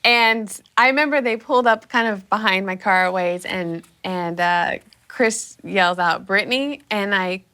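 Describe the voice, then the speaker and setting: A young woman telling her own story in a casual, animated way, acting out her past reactions. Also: medium pitch, unhurried, few pauses, clean tone.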